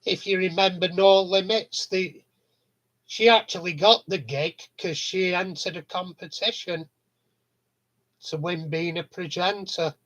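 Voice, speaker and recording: A man hosts a casual live stream chat, his fairly bright voice pitched high for a man. He speaks slowly, telling rambling stories and chuckling as he goes.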